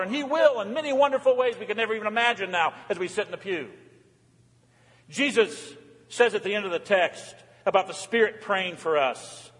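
A middle-aged man, a pastor, giving a fervent sermon in a church, moving between raised cries and soft, low asides. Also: animated, a little fast. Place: church sanctuary. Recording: reverberant church hall.

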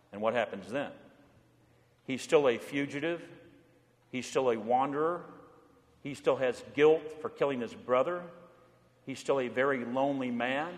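A male pastor delivering a sermon in a church, swinging between raised and hushed delivery and leading the congregation in responses. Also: high-pitched. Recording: reverberant church hall.

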